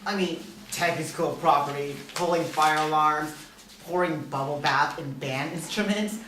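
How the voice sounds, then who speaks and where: A man's voice: fairly high pitch, normal speed, sharp tone, slight background noise. A man reading a fussy, rule-following schoolboy sidekick who gets exasperated, at a table read of a TV pilot. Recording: roomy, distant mic.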